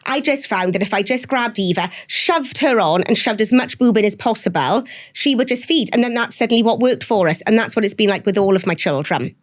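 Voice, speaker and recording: A woman in her forties, a guest telling frank, lively stories in a casual interview. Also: medium pitch, brisk, few pauses. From Wales. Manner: chatty, lively, frank storytelling.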